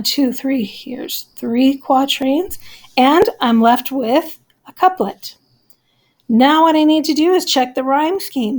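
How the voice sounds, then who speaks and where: A woman English teacher giving a recorded lesson, explaining methodically step by step and counting aloud. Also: sits high. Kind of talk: recorded classroom lesson walkthrough.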